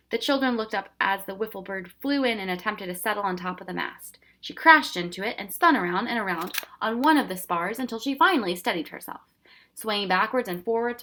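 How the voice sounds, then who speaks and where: Woman narrating a children's book, bright and crisp with some vocal fry. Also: mid-range voice. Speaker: storybook reader. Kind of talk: reading a children's novel aloud.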